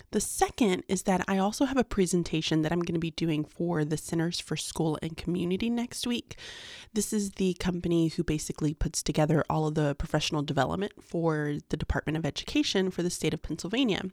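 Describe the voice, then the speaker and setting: A woman's voice: on the low side, darkish tone, dry recording, clean studio sound. A young woman, a teacher and podcaster, chatting casually in a vlog diary with frequent ums and little laughs. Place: home, quiet in the mornings.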